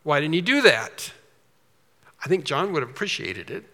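A man preaching a sermon as pastor, emphatic, swinging from quiet asides to loud, drawn-out declarations. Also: on the high side, sing-song, long reverb tail.

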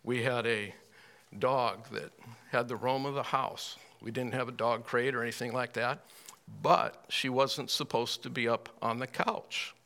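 A man teaching a Bible class in a folksy, unhurried way, with dry little asides. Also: medium pitch, steady tone, pushed and bright.

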